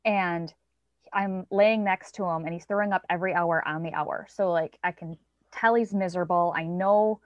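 A woman's voice: fairly low pitch, fairly even intonation, normal speed, no room sound. Thirties woman chatting away, acts out what people said, dry kinda dull recording. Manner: chatty, acts out quoted lines in a lifted voice. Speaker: parent guest. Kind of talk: casual conversational storytelling. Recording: dry, slightly dull sound.

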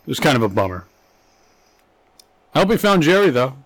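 A man's voice: medium pitch, brisk, no room sound. A man co-hosting a podcast, telling crude stories in casual chat, on a dry close mic. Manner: animated crude storytelling. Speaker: podcast co-host.

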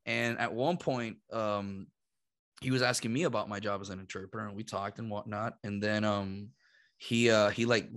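A man in his thirties from Puerto Rico, telling an animated story on a podcast, laughing and acting out what people said. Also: lowish voice, moderate pace, dry recording. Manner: animated, laughing, acts out quotes. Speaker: podcast host. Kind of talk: casual storytelling.

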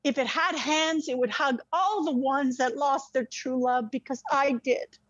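Woman, high voice, intense, frank, swears, restarts words, dry close recording. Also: measured pace, no echo, highs cut off. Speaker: podcast guest. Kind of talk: emotional personal storytelling.

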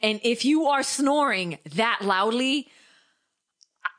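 A woman co-hosting a casual chat, animated and laughing easily. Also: slow pace. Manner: animated, laughing, big pitch jumps in quoted voices. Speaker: podcast co-host.

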